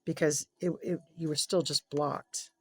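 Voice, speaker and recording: A tarot reader giving a casual spoken reading to an unseen client, thinking aloud in a halting, self-correcting way and staying gentle and sympathetic, sometimes sinking to a soft murmur. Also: mid-range voice, steady tone, husky. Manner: gentle, empathetic, drops to a soft murmur at times.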